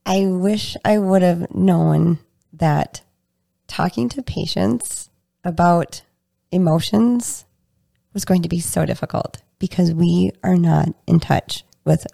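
A woman with a low, gravelly voice talks through her approach in a relaxed interview. She explains at length and slips into animated acted-out dialogue with patients. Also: takes it slowly. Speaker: guest practitioner. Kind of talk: casual interview chat.

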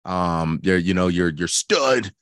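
Deep-voiced man in loose sports banter. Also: measured pace, no echo. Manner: animated, joking, swears casually. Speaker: podcast co-host. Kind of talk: casual sports talk.

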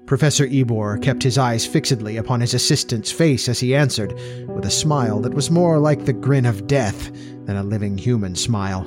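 A man narrating a story in a measured, steady reading style. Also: mid-range voice, soft background music.

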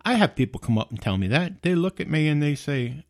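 A man's voice: fairly high pitch, big pitch swings, a little fast, hardly any pauses, dry recording. Middle-aged guy ranting bluntly on his podcast, voice jumps around a lot, dry close sound. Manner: conversational, repeats and restarts words. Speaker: podcast host. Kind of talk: casual monologue.

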